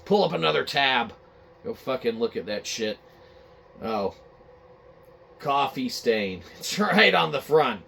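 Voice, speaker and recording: A man's voice: mid-range voice, expressive, takes it slowly, vocal fry, pauses often, pushed and bright. A man hosting a comedic gaming news show, rambling and cursing freely as he jokes. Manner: profane, rambling, joking. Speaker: podcast host.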